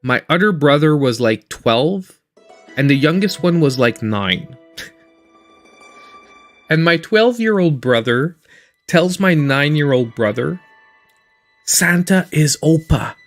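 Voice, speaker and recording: A man hosting a gaming livestream who tells stories in a casual, animated way and laughs often while he plays. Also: fairly high pitch, takes it slowly, long pauses, faint music behind. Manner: animated storytelling, laughing often, mimicking voices. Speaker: gaming channel host.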